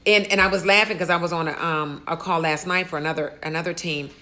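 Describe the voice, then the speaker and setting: A woman with a low-pitched voice that comes across bright and forceful. She talks candidly in a casual interview, telling stories and acting out little quoted exchanges. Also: fairly even intonation, fast. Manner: candid, storytelling with quoted asides. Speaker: insurance agent and channel host.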